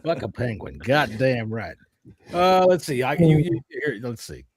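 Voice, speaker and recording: A man's voice: medium pitch, expressive, unhurried, no room sound. A man hosting a casual podcast, reading out crude jokes and laughing at his own lines. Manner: crude, laughing joke-telling. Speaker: podcast host.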